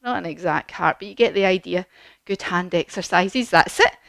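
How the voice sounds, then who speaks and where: A woman teaching a children's yoga class as a story, lively, encouraging and sing-song. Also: on the low side, normal speed, creaky, no echo.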